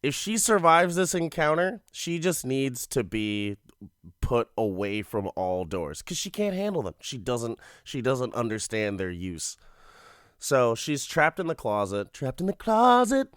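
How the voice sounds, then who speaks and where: A man's voice: mid-range voice, sing-song, a little slow, a bit bright, clear, resonant tone, no room sound, clean studio sound. A man hosting a podcast, recapping a story casually and profanely with amused laughs. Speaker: podcast host. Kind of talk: casual comedic episode recap.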